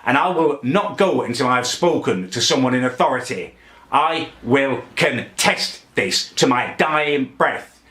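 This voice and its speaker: A man's voice: mid-range voice, animated, a little slow, sharp tone. A man playing a petty, self-righteous young man who rants indignantly to camera in a comic vlog. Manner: indignant, pompous, builds into angry outbursts. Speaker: comedy character vlogger. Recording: echoey room.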